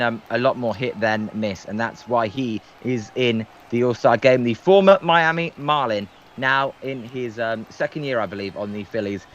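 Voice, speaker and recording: Calling baseball play-by-play on a livestream as a guest commentator, this man sounds hesitant and drops plenty of filler ums. His mid-range voice is fairly bright, though the audio is dull with slight background noise.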